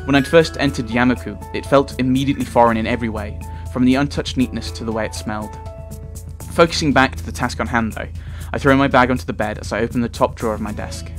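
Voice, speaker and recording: A man reading a visual novel aloud as a let's player, chatty and quick to laugh at his own slips. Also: medium pitch, steady tone, faint music behind.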